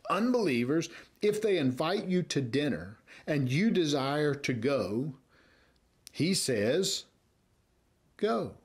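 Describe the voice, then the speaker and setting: An American man preaching a sermon as pastor, earnest, rising to loud emphasis and dropping to soft, quiet lines. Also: mid-range voice, slightly rough.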